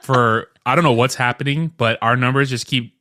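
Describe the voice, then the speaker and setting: A man in his thirties, joking and animated as he co-hosts a casual podcast with his wife. His voice sits at an everyday middle pitch. The sound is dry and close to the mic, with no room echo. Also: normal speed. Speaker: podcast co-host. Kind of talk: casual chat.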